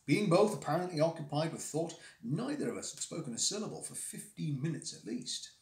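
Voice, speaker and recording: A man reads a classic story aloud on a live stream, his voice a bit high and full of movement. He reads expressively and now and then trips over a difficult word. The recording has a roomy echo. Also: fairly quick. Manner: expressive reading, stumbles over hard words.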